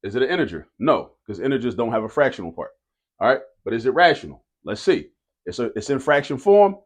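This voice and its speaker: A man's voice: medium pitch, very animated, fast. Casual, repetitive man teaching math. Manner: repeats key rules for emphasis, casual and direct. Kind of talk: explaining a math lesson to students.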